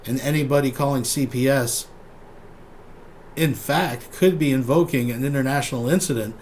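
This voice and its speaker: A man's voice: medium pitch, moderate pace, darkish tone. A man with a mid-range voice offering casual, wry commentary. He rambles and trails off with fillers, and faint background noise sits under his voice. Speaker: host.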